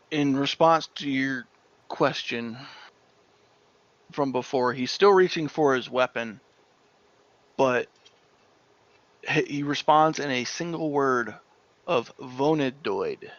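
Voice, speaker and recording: A man narrating as dungeon master of a tabletop game, unhurried and sometimes searching for words. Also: medium pitch, fairly bright tone, dry recording, muffled recording.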